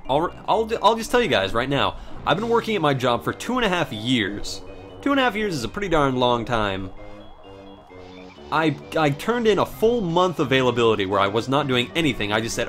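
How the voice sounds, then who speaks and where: A man's voice: a little high, big pitch swings, fairly quick, fairly bright tone, soft background music. Rambling, sarcastic young man gaming. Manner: rambling, sarcastic storyteller, swears freely. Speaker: gameplay commentator. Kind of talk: casual let's play commentary.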